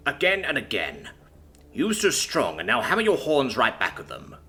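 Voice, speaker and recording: A man's voice: medium pitch, pitched above the performer's own voice. A man voicing an old alien captain who speaks to a young woman like a proud father, formal and heartfelt. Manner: warm, formal, heartfelt speech. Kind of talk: audiobook character voice.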